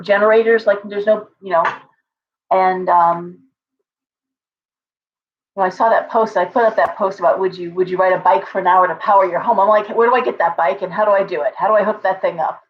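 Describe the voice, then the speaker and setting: A woman's voice: mid-range voice, a little fast, lo-fi sound, slight background noise. Chatty woman hosting a home livestream. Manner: chatty and rambling, talking to her pet bird and viewers' comments. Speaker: livestream host and tarot reader. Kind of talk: casual livestream chat.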